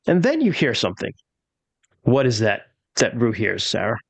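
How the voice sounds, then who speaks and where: A man's voice: medium pitch, wildly swooping pitch, moderate pace, gravelly, husky, no echo. Rambling male game master, dry sound. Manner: rambling, many fillers. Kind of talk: narrating a tabletop game.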